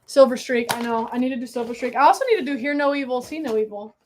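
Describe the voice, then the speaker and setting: Woman, young, high voice, excitable livestream host. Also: quick pace, a little hiss or hum. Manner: excitable, exclamatory, chatty. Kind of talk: casual livestream chat.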